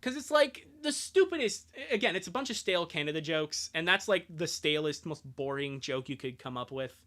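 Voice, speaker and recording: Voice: medium pitch, expressive, fairly quick, fairly bright tone. A streamer from Europe, chatting and rambling in a live stream and answering viewers between read-aloud passages of a fan comic. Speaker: streamer and fan dub reader. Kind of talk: live stream reaction and reading.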